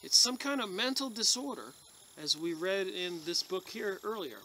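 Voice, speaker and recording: A man's voice: sits high, lively intonation, moderate pace, pushed and bright, slight background noise. A man, a video blogger, reading passages aloud and commenting on them in an emphatic, emotional way. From United States. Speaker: video blogger reviewing books.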